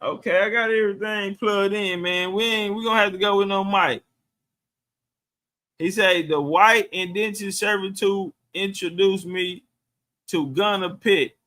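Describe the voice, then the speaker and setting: A man's voice: sits high, fairly even intonation, measured pace, bright, forceful tone. A middle-aged man chatting loosely on a livestream, profane and answering viewer comments. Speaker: livestream host. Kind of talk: casual livestream chat.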